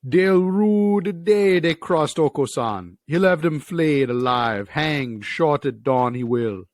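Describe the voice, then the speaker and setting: A man's voice: on the high side, animated, no echo. Man voicing a melodramatic Jamaican pigeon. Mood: vengeful grandeur. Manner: grandiose, archaic, slow declamation. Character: hyper, melodramatic male pigeon.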